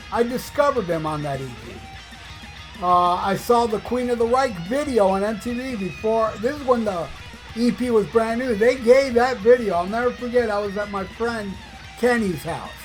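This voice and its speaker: A man in his fifties, a podcast host, ranting in an excited, profane way in bursts with fillers. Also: high voice, normal speed, faint music behind. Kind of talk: casual opinionated rant.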